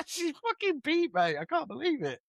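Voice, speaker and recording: A man's voice: extremely high pitch, wildly swooping pitch, measured pace, gravelly, bright, forceful tone, no echo. A man co-hosting a podcast, telling family stories in casual chat, laughing and swearing freely. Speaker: podcast co-host.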